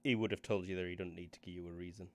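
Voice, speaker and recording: A man's voice: deep voice, fairly even intonation, very fast, a little mellow. A man, running a tabletop game and casually recapping the story. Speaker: game master.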